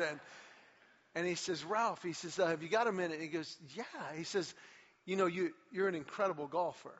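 A man with a fairly high voice preaches a sermon, leaning into his stories and acting out quotes with mounting energy. The sound is slightly muffled, and his voice rings with a long reverb, as in a large church sanctuary. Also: a little fast. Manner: animated storyteller, acts out quotes with rising energy. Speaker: pastor. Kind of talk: sermon with storytelling.

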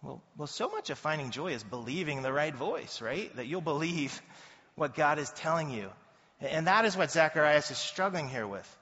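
A man giving a casual, animated sermon as a pastor, often slipping into quoted voices. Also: fairly high pitch, moderate pace. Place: church hall. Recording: dull sound in a reverberant hall.

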